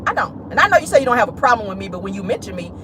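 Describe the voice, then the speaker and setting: This woman's medium-pitched voice comes out rapid-fire and very animated over a noisy background. She's a YouTube commentary host doing a casual vlog from a parked car, addressing viewers as "honey" and "y'all" in sassy, petty commentary.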